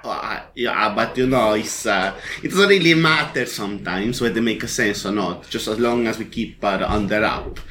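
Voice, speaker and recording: A man joking on a podcast, speaking haltingly with broken grammar and many hesitations. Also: on the low side, bright, forceful tone, slight background noise. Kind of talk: casual comedic banter.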